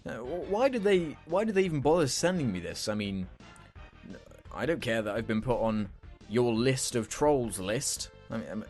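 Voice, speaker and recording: A man's voice: medium pitch, a little mellow. A young man hosting a comedy rant show, sarcastic and exasperated, swearing freely.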